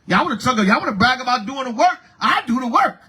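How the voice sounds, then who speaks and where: A man preaching a lively street-style sermon, calling for responses from the congregation. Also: very high voice, quick pace, breathy edge. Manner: animated, preaching with call-and-response. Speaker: priest.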